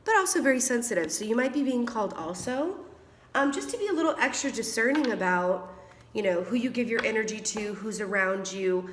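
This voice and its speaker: A woman getting over a cold gives a casual tarot reading, her voice a little rough from it. She talks in a chatty, affectionate way, laughing often and calling her listeners darling and honey. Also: fairly high pitch, lively intonation, a little fast, slight background noise. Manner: whispers while drawing cards. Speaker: tarot reader.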